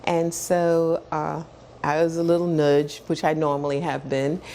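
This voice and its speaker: Low, gravelly-voiced woman storyteller. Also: unhurried, a little hiss or hum. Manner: animated storyteller who acts out quoted dialogue and repeats words as she builds up; laughs often while telling her story. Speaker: interview guest. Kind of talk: storytelling in a sit-down interview.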